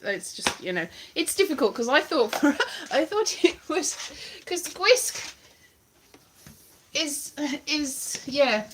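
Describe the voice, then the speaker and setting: Woman from Wales, livestream host, fairly high voice, chatty and digressive, keeps losing her thread. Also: background noise. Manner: chatty, digressive, self-correcting with frequent laughs. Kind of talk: rambling casual chat to viewers.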